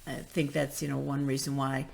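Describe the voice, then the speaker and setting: A woman's voice: a bass voice, little pitch movement, normal speed, creaky, a little mellow. A woman giving a casual spoken talk as a spiritual teacher, frank and emphatic, often restarting her sentences.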